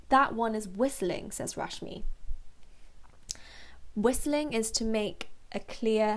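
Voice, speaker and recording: Woman tutor going over a kids book, really slow and patient, lots of ums. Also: medium pitch, a little mellow. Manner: slow, patient, with many fillers. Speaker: reading tutor. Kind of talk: explaining a children's book.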